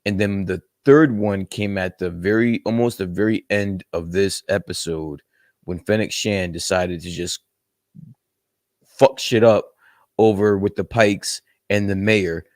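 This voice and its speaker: Low-voiced man in casual chat. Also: fairly even intonation, unhurried, a little mellow, no echo, clean studio sound. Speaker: podcast co-host.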